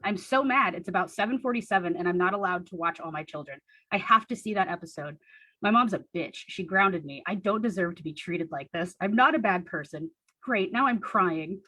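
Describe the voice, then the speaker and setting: Young woman, husky, dry close sound, deadpan diary reading with wry asides. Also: lowish voice, a little fast, no room sound, poor audio. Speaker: storyteller reading her teenage diary on stage. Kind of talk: comic reading of childhood diary.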